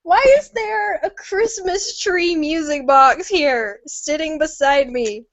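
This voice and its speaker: A young woman from Nashville hosting a casual book club discussion over a video call, joking and talking fast. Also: sits high, no echo. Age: young adult. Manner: giggly, quick, jokey. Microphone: computer mic on a video call. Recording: dry, muffled video-call audio.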